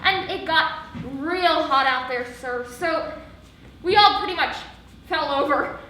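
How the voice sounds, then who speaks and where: A nervous, bumbling young soldier stammers through his report, played by a teenage girl on a school stage. The voice is high and bright, carried from afar through a very echoey theatre hall. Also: a little slow. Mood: flustered. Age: teens. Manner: rambling, giggly, flustered. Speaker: student actor. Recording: echoey hall, distant stage mic, faint hiss.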